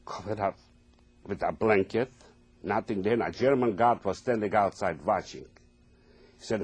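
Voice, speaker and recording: Husky-voiced elderly man. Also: animated. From Poland. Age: older, 80s. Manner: halting, plain non-native phrasing, deeply earnest. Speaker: Holocaust survivor giving testimony. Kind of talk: oral history testimony.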